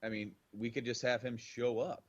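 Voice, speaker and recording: A man's voice: mid-range voice, flat delivery, normal speed, muffled recording. A man co-hosting a podcast in casual chat, rambling and circling back on his points. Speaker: podcast co-host.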